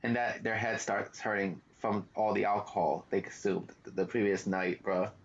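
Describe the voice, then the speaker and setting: A man's voice: fairly low pitch, fairly even intonation, normal speed, lo-fi sound. A young man hosting a gaming channel, giving casual, slangy commentary and laughing at the game. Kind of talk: casual let's-play commentary.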